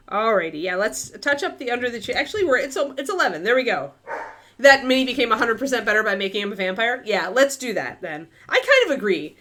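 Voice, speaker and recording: A woman's voice: fairly high pitch, big pitch swings, quick pace, fairly bright tone. A woman hosting a miniature-painting livestream, chatting casually and thinking aloud with many fillers.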